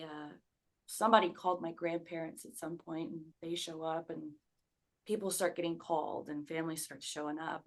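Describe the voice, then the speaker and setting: Low-voiced young woman telling her story. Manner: conversational, many "like" fillers, acts out quoted speech. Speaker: podcast guest. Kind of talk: personal storytelling.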